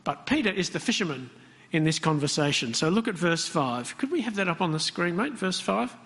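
Preacher in a reverberant church hall. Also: male voice, sits high, very animated, fairly quick, a bit bright. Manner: conversational, asks the congregation questions. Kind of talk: interactive sermon.

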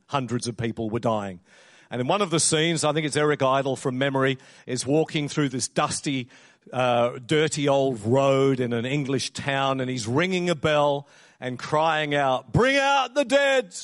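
Man, preacher, somewhat high voice, animated storytelling, dry close sound. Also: dry recording. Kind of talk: sermon storytelling.

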